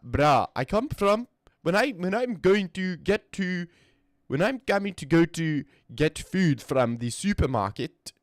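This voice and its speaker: A brash, goofy young South African man rambles and brags in a drawn-out, exaggerated accent, as a man puts him on. The voice sits noticeably higher and louder than a plain speaking voice. The sound is dry and close, with no room echo. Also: expressive. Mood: rambling. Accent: put-on South African.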